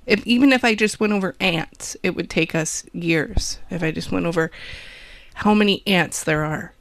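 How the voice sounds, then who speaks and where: A woman's voice: fairly low pitch, moderate pace, no echo. Wry rambling woman radio DJ. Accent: Wisconsin. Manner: rambling, wry, self-deprecating jokes. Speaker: college radio DJ. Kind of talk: casual radio show chat.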